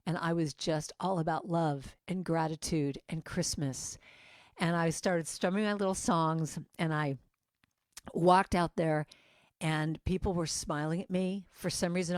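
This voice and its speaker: A woman's voice: fairly low pitch, dry recording. Woman telling a funny story at church, acts out all the voices, dry close sound. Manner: animated storyteller acting out quoted voices. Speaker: guest musician and speaker. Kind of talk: storytelling morning message. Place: church sanctuary.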